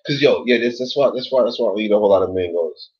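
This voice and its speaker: A man talks loosely through a late-night livestream, rambling, cursing freely, leaning on "like" and "yo." His voice sits a little low with a husky edge. The audio comes through dull and lo-fi. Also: quick pace. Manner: laid-back, rambling, swears a lot, says like and yo often. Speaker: livestream host reading chat.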